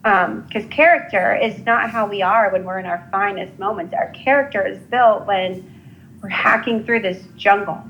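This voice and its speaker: A woman giving a live psychic reading, talking in an earnest, halting way with many restarts and fillers. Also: mid-range voice, a bit bright, lo-fi sound, slight background noise. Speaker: psychic reader. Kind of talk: live intuitive reading, casual.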